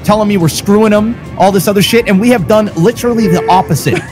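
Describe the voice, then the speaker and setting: A man's voice: sits high, fast. A man ranting in character in a crime-city roleplay game, profane and exasperated, with music playing behind him. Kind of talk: heated in-character rant.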